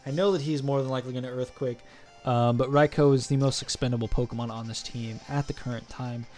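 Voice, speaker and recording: A man's voice: mid-range voice, fairly even intonation, fast, a little mellow. Young male gamer, wry play-by-play narration over a faint music bed. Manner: joking, self-mocking play-by-play. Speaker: gaming channel host. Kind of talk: battle commentary voice-over.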